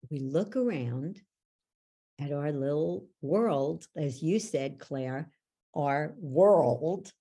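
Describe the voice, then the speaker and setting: Gravelly, low-voiced woman speaking slowly. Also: dark tone. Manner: emphatic storyteller, acts out voices in anecdotes. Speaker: guest, parenting educator. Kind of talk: conversational podcast interview.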